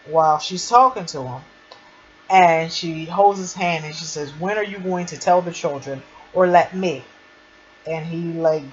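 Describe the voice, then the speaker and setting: A woman giving a casual, gushing fan recap of a TV drama episode. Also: on the low side. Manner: chatty, gushing fan retelling of scenes. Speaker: TV episode reviewer. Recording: dull lo-fi sound with faint noise.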